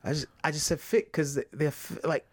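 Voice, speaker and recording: A man with an English accent, a podcast guest chatting casually and telling animated stories. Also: a little high. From England. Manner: animated storytelling, quick and expressive. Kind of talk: casual chat.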